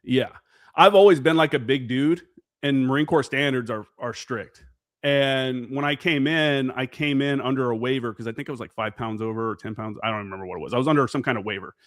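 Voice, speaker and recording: Man, forties, podcast guest, casual and cussing, mid-pitched voice, dead dry room. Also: fairly quick, dry recording. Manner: profane, animated, acts out remembered dialogue. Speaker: podcast guest, Marine veteran. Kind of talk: casual storytelling interview.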